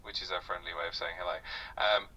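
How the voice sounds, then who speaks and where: A brightly toned, husky male AI voice, played through a speaker and caught from some distance. He talks a bit low in pitch, gently encouraging a learner, with soft "uh" fillers between phrases. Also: little pitch movement, fast. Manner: polite, encouraging, with frequent "uh" fillers. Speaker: AI conversation partner. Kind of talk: patient tutoring chat.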